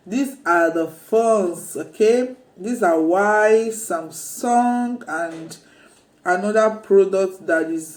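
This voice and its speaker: A woman vlogging from a handheld phone, her voice mellow and slightly low as she gushes and repeats herself to viewers. She speaks slowly and calls them "guys" again and again. The sound carries a noticeable room echo. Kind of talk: casual vlog chat. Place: phone shop, then at home.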